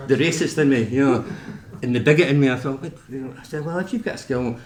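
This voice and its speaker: Speaking fast in a mid-range voice, this Scottish nurse chats informally about his job, full of anecdotes and frequent restarts. The setting is an echoey meeting room, with a little background noise.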